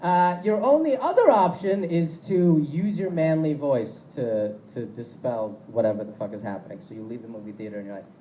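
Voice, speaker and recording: A man's voice: mid-range voice, brisk, few pauses, highs cut off, slight background noise. A young man doing stand-up comedy on a club stage, rambling and self-deprecating, with plenty of fillers.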